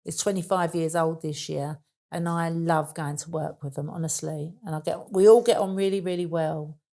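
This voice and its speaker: A woman's voice: deep voice, fairly even intonation, normal speed, mellow. A woman in her sixties with a Cockney accent, guest in an interview, telling stories in chatty casual talk. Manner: chatty storytelling with fillers like "and that".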